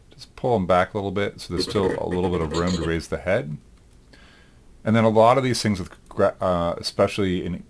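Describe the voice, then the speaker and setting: In a recorded lecture, a male animation instructor with a deep, low voice demonstrates some software. He thinks aloud in a relaxed, easygoing way, frequently pausing on "um" as he works.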